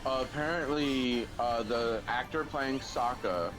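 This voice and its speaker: A man chatting on a game stream, rambling through a story with casual swearing. His voice sits in a mid pitch. Clear game music and vehicle sounds run behind him. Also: unhurried, rough recording.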